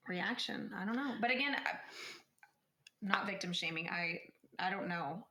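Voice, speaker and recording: Young woman, podcast co-host, bright tense voice, opinionated, roomy echo. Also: mid-range voice, normal speed. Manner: emphatic, opinionated, animated. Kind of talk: casual true-crime chat.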